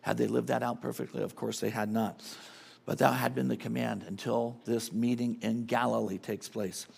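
Man, guest preacher, sermon, husky voice, emphatic, repeats phrases. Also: mid-range voice, level tone, normal speed, a little mellow.

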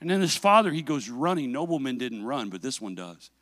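A man preaching a sermon, telling a self-mocking story with animated delivery and asking the congregation questions. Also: mid-range voice, a little fast, no echo.

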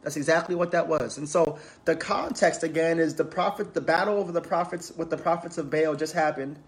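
A man preaching, reading scripture aloud and talking to the congregation in a conversational way. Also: fairly high pitch. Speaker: preacher and counselor in training.

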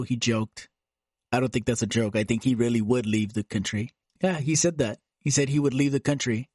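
Casual political podcast talk from a man who rambles through his points with plenty of "um" and "like," his voice sitting at an ordinary middle pitch. The sound is close and dry, with no room echo. He drops the occasional swear word without ceremony. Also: brisk, darkish tone. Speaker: podcast host.

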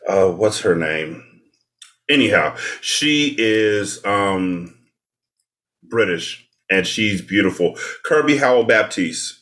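Low-voiced man in casual podcast chat. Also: lively intonation, slow, fairly bright tone. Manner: playful, teasing, lists names at length. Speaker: podcast co-host.

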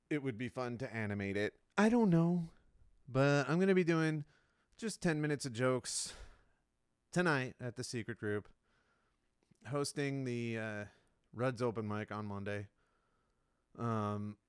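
A man's voice: on the low side, clean tone, no echo, studio quality. A man, a comedian, rambling through a solo podcast monologue in a self-mocking way, with lots of restarts.

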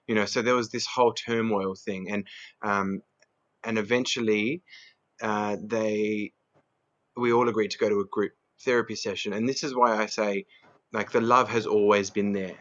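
A man in his thirties with a lowish voice, talking as an interview guest. He tells his story earnestly and rambles, leaning on "you know" and "like" and often laughing. The recording sounds dull and lo-fi. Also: flat delivery, moderate pace, a bit bright. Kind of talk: candid personal storytelling.

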